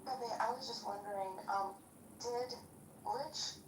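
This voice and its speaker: A woman's voice: on the high side, slow. A woman in a group chat pressing a point insistently, repeating herself. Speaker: participant in an audio chat room. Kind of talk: casual group discussion. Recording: roomy, distant, faint noise.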